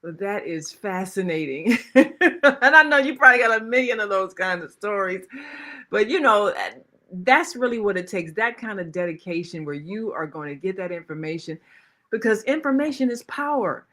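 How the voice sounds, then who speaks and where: A woman hosts a radio talk show in a bright, forward voice. She laughs easily and backs up her guest with quick words of agreement. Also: mid-range voice, animated. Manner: laughs often and affirms the guest. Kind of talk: casual interview chat.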